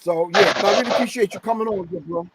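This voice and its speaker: A man's voice: high voice, quick pace, very noisy. A middle-aged man hosting a live stream, giving emphatic, preachy commentary and calling his audience family. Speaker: host.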